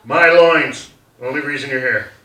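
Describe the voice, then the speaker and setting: Man, Canadian accent, stand-up comedian, brash storytelling, distant roomy stage sound, loud background noise. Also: mid-range voice, moderate pace. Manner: brash storytelling, acts out family members in loud shouted bursts. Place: theater stage with laughing audience. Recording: echoey theater recording from far off, loud noise.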